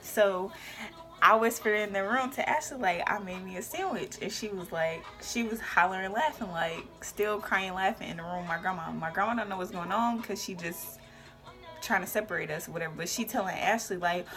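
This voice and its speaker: Young woman, casual storytime, animated delivery, music behind. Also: medium pitch, moderate pace. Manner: animated storytelling with whispered asides and shouted quotes. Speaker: vlogger.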